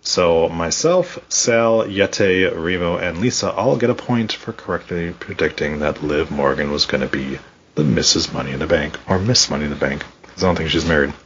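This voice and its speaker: In a muffled recording with a little noise behind him, a low-pitched man talks at a moderate pace. He co-hosts an informal wrestling podcast, where he rants, swears heavily, and stays animated throughout.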